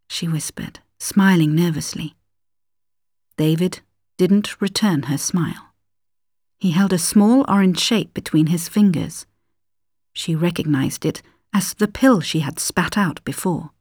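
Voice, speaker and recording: Woman narrator, scripted story reading, calm, occasional whispers, dry close mic. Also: lowish voice, measured pace, husky, no echo.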